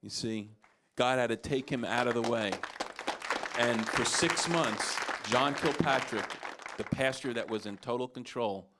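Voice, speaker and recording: A man's voice: unhurried, a crowd in the background, noisy background. A man preaching a sermon, telling stories and acting out the people in them with big jumps in voice. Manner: animated, acts out quotes with big pitch jumps. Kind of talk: sermon storytelling.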